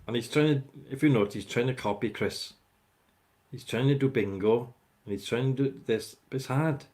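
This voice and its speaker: With a mid-range, slightly mellow voice at a moderate pace, a man runs a laid-back livestream. He rambles on while chatting with viewers by name.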